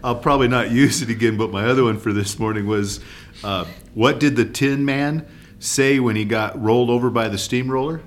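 A man co-hosting a casual podcast, speaking haltingly and telling dry jokes. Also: medium pitch, fairly even intonation. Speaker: podcast co-host.

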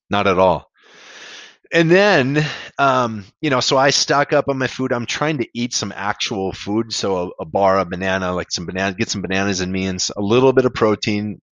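A man's voice: sits low, a bit bright, dry recording. A man being interviewed, telling a candid, rambling story about a hard race, with casual swearing. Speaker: podcast guest, amateur ultrarunner.

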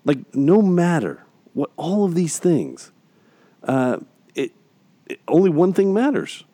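A man with a mellow, darker voice talks with earnest conviction and hammers home his points with repeated phrases. He is co-hosting a casual podcast about faith. The sound is dry and close. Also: a little high, big pitch swings, slow, dry recording. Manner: earnest, repetitive emphatic phrasing. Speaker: podcast co-host.

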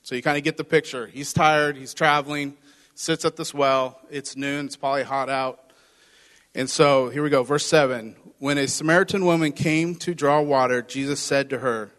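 A man's voice: mid-range voice, fairly even intonation, moderate pace, a bit bright. A man preaching a conversational sermon, reading scripture and explaining it with playful acted asides. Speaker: pastor. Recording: hall reverb.

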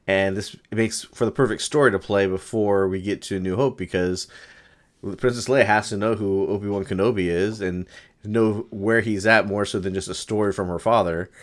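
A man's voice: lowish voice, steady tone, moderate pace. A man in casual chat as a podcast co-host, rambling with lots of fillers. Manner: rambling, lots of ums and likes.

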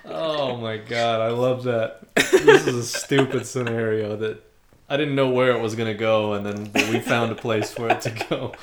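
A man's voice: mid-range voice, moderate pace, crowd noise. Joking young man in an echoey room. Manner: joking, profane banter with laughter. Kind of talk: casual chat.

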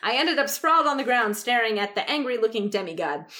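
A woman's voice: a little high, very animated, fast talker, sharp tone. Giggly young woman reading aloud wryly. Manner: giggly, wry, often breaks off to comment. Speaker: podcast co-host reading fan fiction. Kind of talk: casual chat, reading aloud.

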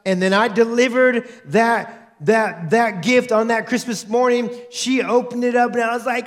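High-voiced earnest male pastor. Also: a little fast. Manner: earnest, conversational, acts out quotes in his storytelling. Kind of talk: sermon with opening prayer.

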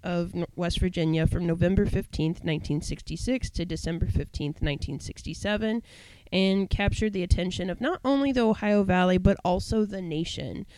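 A woman's voice: lowish voice, fairly quick, a little mellow, clean tone, no echo, rough recording. A woman co-hosting a podcast, chatting casually and rambling a little as she corrects herself. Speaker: podcast co-host.

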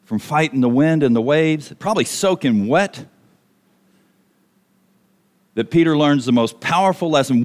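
A man preaching a sermon, animated and asking his listeners rhetorical questions. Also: mid-range voice. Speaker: pastor.

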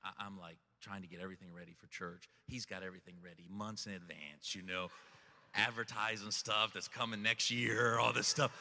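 A middle-aged man preaching a sermon, telling a story with lots of excitement and stumbling repeats as he starts sentences. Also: mid-range voice, a little fast. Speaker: pastor. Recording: long hall reverb.

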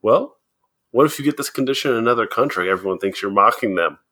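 Bright-voiced chatty man. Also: mid-range voice, expressive, quick pace. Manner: chatty, laughs often while explaining. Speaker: podcast co-host. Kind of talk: casual podcast chat.

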